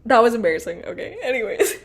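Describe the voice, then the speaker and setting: A woman's voice: a little high, very animated, fast. A young woman hosting a podcast, talking casually in a chatty, bubbly, fired-up way with lots of fillers and laughter. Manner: frank and fired-up, with frequent laughter. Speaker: podcast host.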